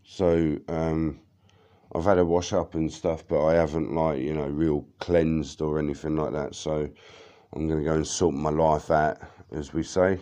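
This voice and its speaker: A man talks in a deep, unhurried voice, drifting from thought to thought and swearing often. His tone is dark and mellow. He loops back with "like" and "you know" as he speaks to his viewers. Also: level tone. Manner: rambling, heavy swearing, many fillers. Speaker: vlogger. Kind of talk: rambling personal monologue.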